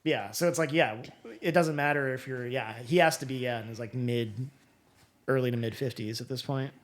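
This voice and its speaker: A man co-hosting a podcast in casual chat, laughing often and breaking into loud jokey bursts. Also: medium pitch, moderate pace. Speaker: podcast co-host.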